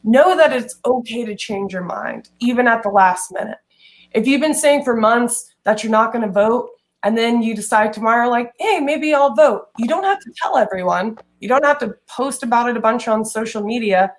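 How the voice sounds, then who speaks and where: A woman talking casually on a podcast, chatty and quick to laugh. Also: a little high. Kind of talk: casual chat.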